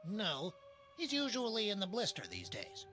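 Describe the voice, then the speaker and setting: A performer playing a preachy new-age docent in a video game, talking in a serene, lecturing way. The bright voice swoops widely up and down, with faint music behind it. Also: mid-range voice, huge pitch swings, moderate pace. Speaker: game character.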